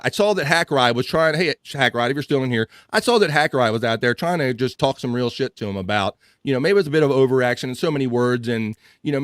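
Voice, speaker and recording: A man's voice: mid-range voice, dry recording, clean studio sound. A man with an American accent hosting a casual livestream, reading viewer comments and ranting with profanity and jokes. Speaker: livestream podcast host.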